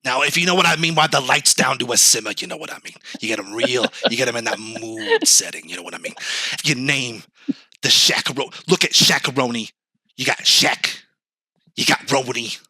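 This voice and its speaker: A man doing an emphatic, preachy impression of a ranting television sports pundit, dropping his voice low. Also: brisk, sharp tone, breathy edge, dry recording.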